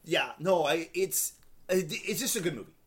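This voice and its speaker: A man co-hosting a podcast, chatting about a movie in a halting way with many restarts. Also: on the high side, lively intonation, a bit bright. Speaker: podcast co-host. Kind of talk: casual film review chat.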